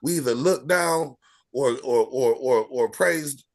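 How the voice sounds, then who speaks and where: A man's voice: medium pitch, slow, gravelly, noisy background. A man in a casual group discussion, speaking in an emphatic, rambling way. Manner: emphatic, rambling, repeats phrases. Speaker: discussion participant.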